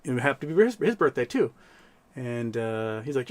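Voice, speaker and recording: A man's voice: medium pitch, sing-song, normal speed, darkish tone. A man in his thirties hosting a livestream, telling rambling stories in a casual chat with lots of fillers. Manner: rambling storytelling with many fillers. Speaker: livestream host.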